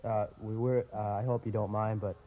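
A man's voice: fairly low pitch, little pitch movement, normal speed, warm tone, close to an everyday voice. A man with a Canadian accent voicing a dim, good-natured brother, hesitant and full of uhs, in a comedy sketch. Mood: dopey.

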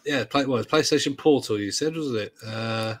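A man's voice: mid-range voice, moderate pace, a bit bright. A man co-hosting a gaming podcast, talking hesitantly with many ums and restarts and making joking asides. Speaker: podcast co-host. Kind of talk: casual chat.

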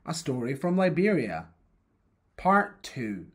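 Slow, animated storybook reader for primary pupils. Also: medium pitch, slightly rough.

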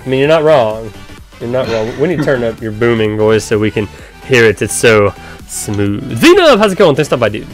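A man's voice: mid-range voice, fairly even intonation, brisk, faint music behind. A man hosting a casual game live stream, chatty and upbeat, greeting viewers by name and explaining with frequent "um"s. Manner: frequent "um" fillers while explaining.

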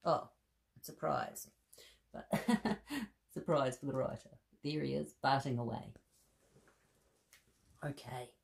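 A woman's voice: rumbling low, steady tone, slow, creaky, pauses often. A woman reading a bedtime story to children in a playful, chatty way, laughing and commenting on the pictures.

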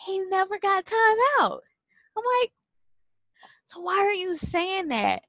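A woman's voice: very high-pitched, sing-song, slow, fairly bright tone, no room sound. A woman telling a story casually to camera, acting out quotes and laughing often. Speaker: vlogger and former preschool teacher.

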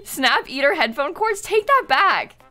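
A woman's voice: sits high, sing-song, a little slow, bright, forceful tone, faint music behind. A young woman streaming a video game, chatting casually, giggling often and squealing dramatically at what happens on screen.

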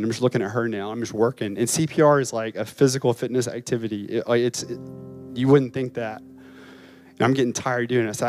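A campus pastor preaches a chapel sermon, telling a story so emotionally that his voice rises, breaks, and at times gives way to crying. He speaks fairly quickly at medium pitch, with faint music behind him.

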